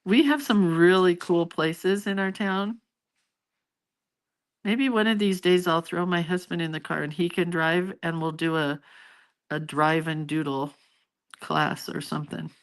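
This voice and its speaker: A woman's voice: on the low side, measured pace. Chatty middle-aged woman on a live stream. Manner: chatty, rambling, reads out viewer comments. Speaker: art teacher hosting a live stream. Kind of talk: casual live-stream chat with viewers.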